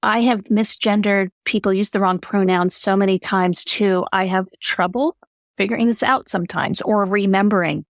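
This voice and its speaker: A woman's voice: lowish voice, creaky, dry recording. Earnest woman giving emphatic advice. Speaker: podcast guest, allyship speaker. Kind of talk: conversational interview answer.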